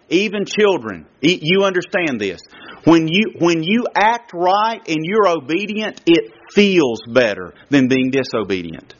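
A man preaching a sermon as a guest speaker at a church service, emphatic and full of rhetorical questions. His pitch swings widely as he talks. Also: fairly bright tone. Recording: lo-fi dull recording.

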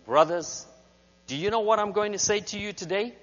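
A man's voice: high-pitched, moderate pace, fairly bright tone, voice pushed up. A man voicing a frightened, timid young monk who pleads, in a dull, echoing hall recording with hum. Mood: nervous.

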